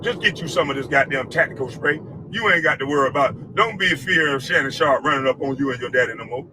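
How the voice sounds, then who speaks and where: A man's voice: a little high, pushed and bright, slightly rough, no echo, poor audio. A former basketball player in a heated, scornful rant, taunting the man he is addressing. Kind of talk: angry rant.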